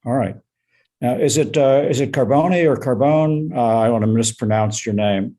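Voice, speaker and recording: Guy judge grilling lawyers at oral argument, lots of uhs and you knows, soft dark tone. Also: mid-range voice. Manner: probing, halting questions with many fillers. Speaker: appellate judge. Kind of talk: courtroom oral argument questioning.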